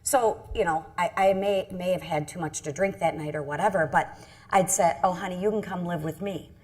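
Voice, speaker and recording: Woman, middle-aged politician, lowish voice, earnest halting storyteller at a panel event. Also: a little mellow, slightly rough. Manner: earnest, halting, many restarts. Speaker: congresswoman on a panel. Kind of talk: personal story at a panel discussion. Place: event stage.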